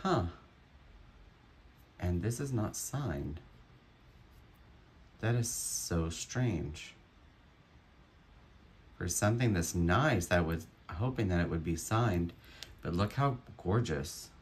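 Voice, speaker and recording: A man with a deep, low voice talks through an unboxing of jewelry he resells. He takes his time and lingers on each find, musing aloud in an admiring way. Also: lively intonation, slow pace, pauses often, a little hiss or hum. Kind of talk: unboxing commentary.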